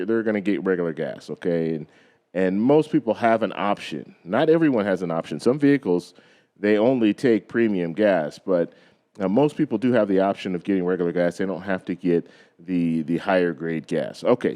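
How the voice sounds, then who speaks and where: A man hosting a finance video channel, losing his voice, explaining things casually to viewers and often checking in with a quick "okay?". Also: fairly low pitch, a little mellow. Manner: repeats himself, frequent "okay?" check-ins. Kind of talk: casual explainer talk to camera.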